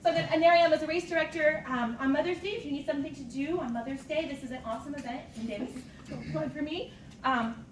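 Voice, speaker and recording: A woman in her thirties giving an enthusiastic, casual talk as a fitness coach to a live group, laughing often. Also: sits high. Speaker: fitness coach speaking at a team meeting. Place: meeting room with an audience. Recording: echoey room, distant mic, noisy.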